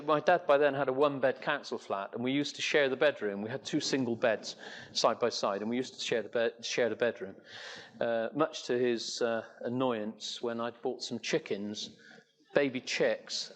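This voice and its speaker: Older English man, middle-pitched, telling a rambling story with lots of fillers, to an audience. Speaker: entrepreneur speaker. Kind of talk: anecdotal talk to an audience.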